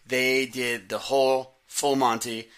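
Bright-voiced joking man. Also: medium pitch, level tone, slow pace, smooth. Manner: joking, rambling storyteller. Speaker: podcast co-host. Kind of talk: casual chat.

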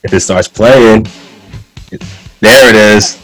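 A man co-hosting a casual podcast chat, riffing loosely and swearing freely, with bursts of excitement. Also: lowish voice, slow pace, soft background music, low-quality recording. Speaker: podcast co-host.

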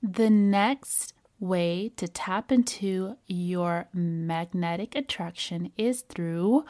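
Woman host, slightly low voice, measured and calm, coaching listeners. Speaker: podcast host. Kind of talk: advice talk on voice and attraction.

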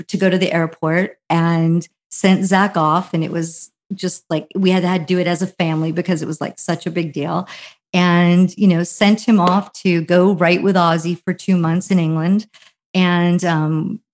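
A middle-aged woman from New Jersey telling a long story as a guest, animated and full of fillers, acting out other people's quotes. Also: lowish voice. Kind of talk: casual anecdotal storytelling.

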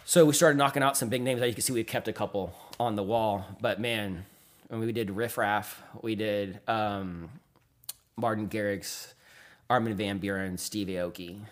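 Speaking at a moderate pace with fairly even intonation, this lowish-voiced man is a guest artist from Texas. His storytelling is loose and meandering, heavy on fillers, and he grows more animated when quoting other people.

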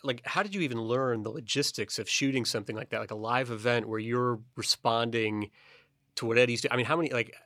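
Mid-pitched male interviewer, dry sound. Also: fast, bright, forceful tone, no echo. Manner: rambling, restarts his questions. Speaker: interview host. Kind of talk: casual interview questions.

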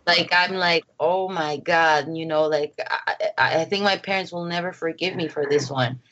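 A woman filmmaker chatting as an interview guest, lively and full of acted-out quotes and laughter. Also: on the low side, normal speed, dull audio. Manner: animated, acts out quotes, laughs often. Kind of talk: casual interview chat. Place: home.

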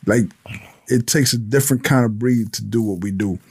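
A man's voice: mid-range voice, normal speed, darkish tone, breathy edge. A man, a police sergeant from Honduras, talks emphatically in an interview, repeating pointed questions and acting out mock exchanges. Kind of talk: animated interview talk.

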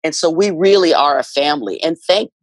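A woman's voice: sits low, brisk, no echo, poor audio. A middle-aged woman who works as a ballpark announcer, chatting as a guest and telling stories with lots of laughter and repeated words for emphasis. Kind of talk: casual interview chat.

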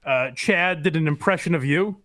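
A man's voice: on the high side, moderate pace, a bit bright. A man co-hosting a podcast, rambling through stories and laughing often. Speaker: podcast co-host. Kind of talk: casual podcast chat.

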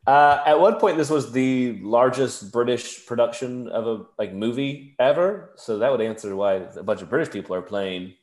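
An enthusiastic young man tells stories in a casual movie chat, his voice ringing in an echoey room. His pitch sits in a plain middle range. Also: moderate pace, hardly any pauses, a little mellow. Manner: enthusiastic, storytelling. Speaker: podcast co-host.

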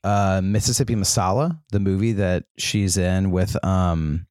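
Rambling man, low voice. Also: measured pace, darkish tone, clean tone, no echo, clean studio sound. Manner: rambling storytelling with many ums. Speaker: podcast co-host. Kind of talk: casual chat.

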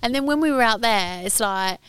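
A woman's voice: a little high, expressive, a little fast, fairly bright tone, clear, resonant tone, no echo. Chatty woman co-hosting outdoors. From United Kingdom. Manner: chatty, laughing, trailing off with fillers. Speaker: podcast co-host. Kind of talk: casual chat. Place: outdoors in a garden.

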